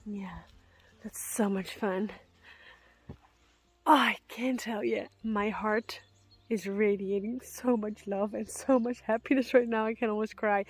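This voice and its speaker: A woman's voice: medium pitch, fairly even intonation, unhurried, pauses often, husky, no echo, faint music behind. A young woman vlogging casually on an evening walk outdoors, gushing and laughing often. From Netherlands. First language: Dutch. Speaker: van-life vlogger. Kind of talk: casual vlog to camera.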